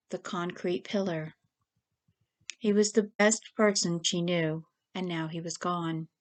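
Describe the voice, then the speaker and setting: A woman author reading her short story aloud at a steady, even pace. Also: mid-range voice. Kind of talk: story narration.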